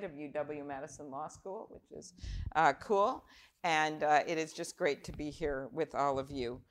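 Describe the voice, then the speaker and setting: Low-voiced woman telling funny stories on stage. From Minnesota. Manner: chatty, self-deprecating, with frequent fillers. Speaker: senator speaking at a festival. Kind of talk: humorous storytelling speech to a live audience. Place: lecture room with an audience.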